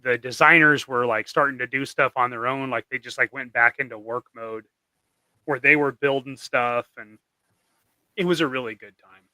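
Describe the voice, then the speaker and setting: Bright-voiced laid-back man. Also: medium pitch, fairly even intonation, moderate pace, no echo, low-quality recording. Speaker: guest. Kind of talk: casual chat.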